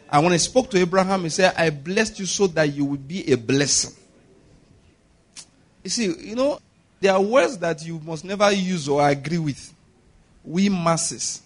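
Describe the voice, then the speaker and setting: A man with a Nigerian accent preaching a sermon as pastor, emphatic, asking the congregation questions and chuckling often. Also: on the high side.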